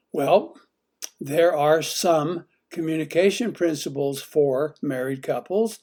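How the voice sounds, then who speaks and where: Mellow-voiced man teaching marriage communication. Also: a little high. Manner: asks the listener many direct questions. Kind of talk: instructional talk.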